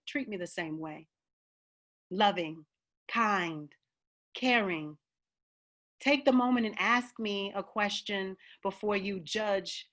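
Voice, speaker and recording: A woman's voice: mid-range voice, a bit bright. Earnest woman with a country twang. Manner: earnest, emphatic, direct. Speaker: opera singer and panel guest. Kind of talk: heartfelt personal statement.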